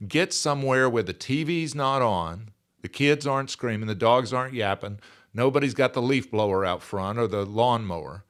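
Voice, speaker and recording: A man's voice: mid-range voice, moderate pace, a bit bright. A man in his sixties, speaking as a podcast guest in an earnest, emphatic way and repeating his key phrases. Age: 60s. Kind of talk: conversational interview.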